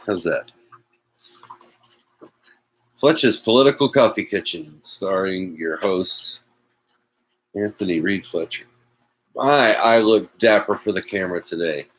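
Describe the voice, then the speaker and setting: A man with a low, deep voice hosts a loose talk show from his home. He speaks slowly and drifts from topic to topic, with wry, self-mocking asides. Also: low-quality recording. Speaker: host. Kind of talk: casual political chat.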